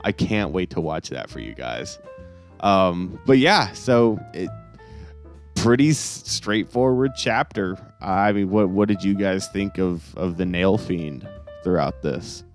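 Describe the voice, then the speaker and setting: Deep-voiced young man, rambling review. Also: expressive, slow pace, soft background music. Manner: rambling, sarcastic asides. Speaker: host. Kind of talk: casual chapter review podcast.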